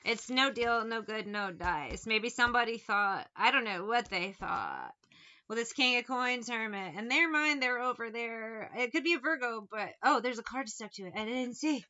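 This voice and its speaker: A woman's voice: on the high side, animated, moderate pace, sharp tone, highs cut off. A woman giving a casual tarot reading, blunt and sarcastic, swearing freely as she talks through the cards. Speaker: tarot reader.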